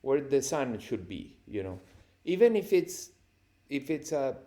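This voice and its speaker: A man, a cinematographer guest on a podcast, telling lively anecdotes with frequent laughter. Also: mid-range voice, measured pace. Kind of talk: storytelling interview answers.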